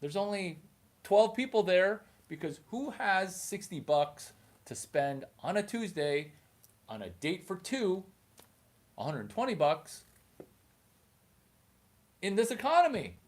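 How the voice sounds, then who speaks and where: A man, a stand-up comedian, rambling through a comedic monologue in an animated, jumpy way. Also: high-pitched, slow, long pauses.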